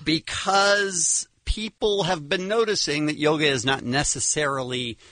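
A man co-hosting morning radio, speaking casually and quickly. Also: fairly high pitch, steady tone, sharp tone. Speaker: radio co-host.

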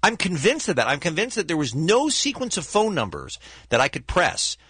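A man co-hosting a radio show in casual chat, an animated storyteller. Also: fairly high pitch, moderate pace, husky, no room sound.

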